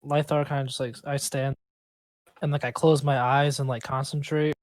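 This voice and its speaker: A man's voice: mid-range voice, level tone, moderate pace, no echo. Brief: rambling male player, casual chat, dry close mic. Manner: rambling, lots of "like".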